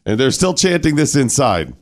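A man's voice: mid-range voice, very animated, normal speed, music in the background. A man hosting a talk radio show, bantering bluntly and wryly while running the segment. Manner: blunt, wry, runs the segment.

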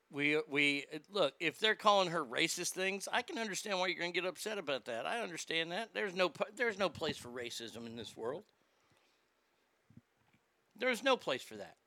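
A man's voice: on the high side, very animated, normal speed, sharp tone, dry recording. A man ranting in a sarcastic, indignant, profane commentary, recorded on a close mic. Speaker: social media commentator.

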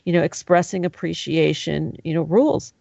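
A woman's voice: low voice, fairly even intonation, normal speed, vocal fry, mellow, no room sound. Woman, talk show host, enthusiastic, dry close sound, lo-fi.

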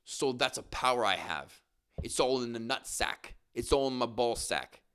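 A man's voice: medium pitch, animated, normal speed, a bit bright, clear, resonant tone, natural voice. A man reading out the boasts of a cocky male fighter, doing the lines in his own voice without an accent. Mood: boastful.

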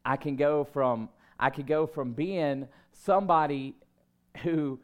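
Guy preaching a sermon, talks like he's chatting, jokes on himself, then gets loud and emphatic. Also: fairly high pitch, slow. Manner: conversational, self-deprecating storytelling with emphatic bursts. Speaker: pastor.

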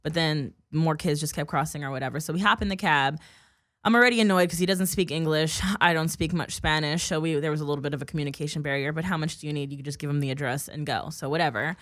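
A woman's voice: low voice, fairly bright tone, no room sound, studio quality. A young woman telling a heated story on a casual podcast, cursing freely. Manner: fast-talking. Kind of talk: casual chat.

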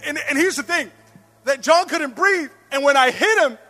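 A male pastor with a fairly high voice preaching in a church. He tells lively stories and laughs at himself along the way. Soft music plays underneath. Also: normal speed. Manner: animated storytelling, laughing at himself. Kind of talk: sermon.

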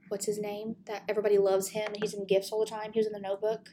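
A woman's voice: mid-range voice, completely flat delivery, racing, background noise. A woman in casual chat who talks with enthusiasm and laughs often.

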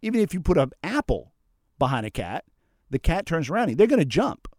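Animated man explaining with lively pitch. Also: fairly quick, no echo, clean studio sound. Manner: animated, acts out quotes with sudden pitch jumps. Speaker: host. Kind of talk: casual podcast talk on personality types.

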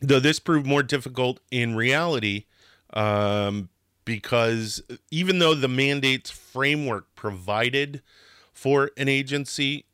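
A man's voice: medium pitch, slow, a bit bright, smooth, dry recording, studio quality. A man hosting a history talk, telling it in a casual, passionate way that sometimes gets worked up, with restarts and a swear now and then. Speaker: history podcast host.

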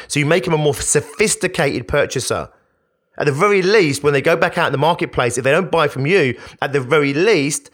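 Emphatic man giving business advice. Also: a little high. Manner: energetic, emphatic, rhetorical questions. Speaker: business coach. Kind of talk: motivational business talk.

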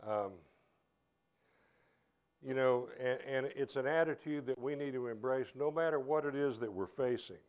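A man preaching a sermon to his church, earnest and halting, often restarting his phrases. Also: mid-range voice, a little mellow, clean tone. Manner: earnest, halting, with many repeated starts. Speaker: pastor.

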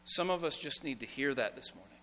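A man's voice: medium pitch, lively intonation, fairly quick. Earnest preacher man in a reverberant church. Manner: preaching with swells of intensity and hushed, earnest pleading. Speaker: pastor. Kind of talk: sermon. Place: church sanctuary. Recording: church sanctuary with long reverb.

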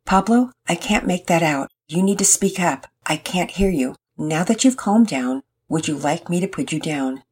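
A woman voicing a calm, firm father in a children's story, speaking deliberately. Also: on the low side, slightly rough.

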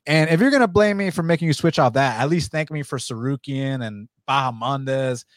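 A man hosting a casual podcast about fight betting, talking in an animated, rambling way with lots of swearing and fillers. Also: medium pitch, fairly quick, no room sound. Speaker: podcast host.

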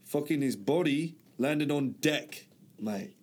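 A man's voice: a little high, expressive, slow pace, darkish tone, husky. Young guy, casual banter, heavy swearing, fake-English "mate" habit. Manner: swears a lot, keeps saying "mate" in a put-on English accent. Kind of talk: casual chat trading wild facts.

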